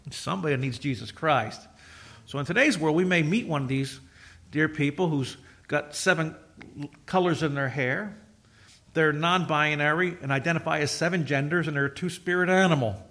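A middle-aged man preaching a sermon, talking to his congregation as if chatting with them. His voice sits a little high for a man, and he tells jokey stories, acting out the people in them. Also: moderate pace, fairly bright tone. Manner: conversational, jokey storytelling with quoted voices. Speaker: pastor.

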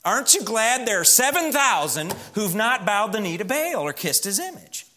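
Pastor, man, bright and slightly high voice, emphatic sermon delivery that sinks to a hush on key words, church setting. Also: big pitch swings, moderate pace, a little hiss or hum.

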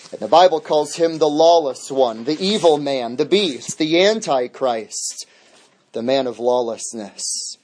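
A man's voice: sits high, darkish tone. A man teaching a midweek Bible study as pastor, emphatic, restating key phrases over and over.

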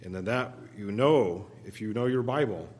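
A man preaching a sermon as a guest preacher, in an earnest manner that swells into loud pleading when he voices the psalmists' cries, with occasional restarts. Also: lowish voice, moderate pace, big-room sound. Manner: occasional restarts and repeated words. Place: church sanctuary.

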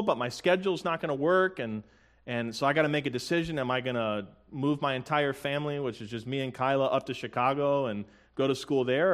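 A man in his thirties delivers a sermon with a slightly high voice. He talks in an earnest, conversational way, mixing jokes and asides with slowly sung hymn lines. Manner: sings hymn lyrics slowly. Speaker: pastor.

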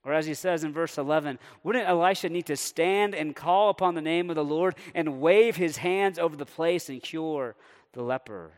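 A man delivers a sermon in a lively, conversational way, now and then slipping into a character's indignant inner voice. His voice sits a bit high for a man. A long reverb trails behind him, as in a large hall. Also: moderate pace. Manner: animated, voicing characters' indignant thoughts. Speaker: preacher.

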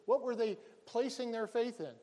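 High-voiced preaching man in a hall. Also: moderate pace, dark tone. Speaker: pastor. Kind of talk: sermon.

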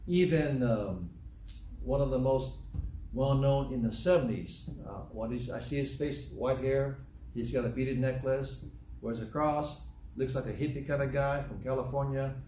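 A man's voice: medium pitch, unhurried, dark tone, slight background noise. Older man preaching in an echoey room. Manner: emphatic preaching, quoting scripture in old English. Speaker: pastor. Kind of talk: sermon. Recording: echoey room from a distance, faint ambience.

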